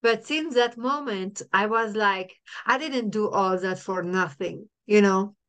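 Middle-aged woman, podcast guest; smooth voice, halting restarts, repeats herself. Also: medium pitch, a bit bright. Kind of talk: emotional personal storytelling.

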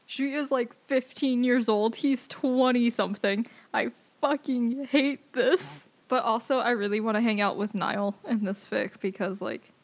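A woman's voice: on the high side, steady tone, normal speed, few pauses. A young woman chatting casually as co-host, exasperated and swearing often. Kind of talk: casual chat.

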